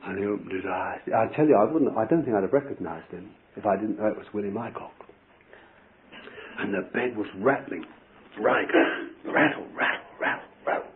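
A man preaching a sermon, telling a story with animated fervor and bursts of shouting. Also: fairly low pitch, fairly quick, a little hiss or hum. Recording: tinny phone-like old tape.

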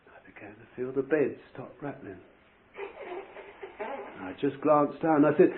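A man's voice: mid-range voice, takes it slowly, long pauses. Fervent preacher man, old tape. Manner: animated, shouts in fervent bursts. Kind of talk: sermon testimony storytelling. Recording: tinny phone-like old tape.

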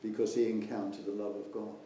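A man's voice: lowish voice, little pitch movement, brisk, warm tone, slight background noise. An older man, preaching an earnest sermon that rambles with restarts and asides. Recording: echoey room with faint ambience.

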